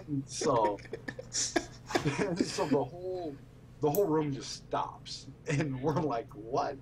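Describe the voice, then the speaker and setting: A man's voice: a little high, animated, very slow, long pauses, a crowd in the background. A man hosting a casual podcast, telling stories with lots of laughs and swearing. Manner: laughing storyteller, swears freely. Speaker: podcast host. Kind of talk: casual memorial chat.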